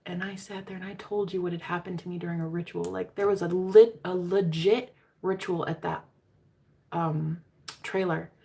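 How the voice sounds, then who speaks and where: Low gravelly woman spilling a story to her viewers, chatty, swears a lot, keeps saying girl. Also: fairly even intonation, normal speed, darkish tone. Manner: candid, profane, chatty, addresses listeners as girl. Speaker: tarot reader.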